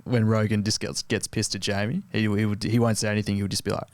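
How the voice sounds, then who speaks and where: A man hosting a podcast, chatting casually with easygoing quick remarks. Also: lowish voice, level tone. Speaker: podcast host.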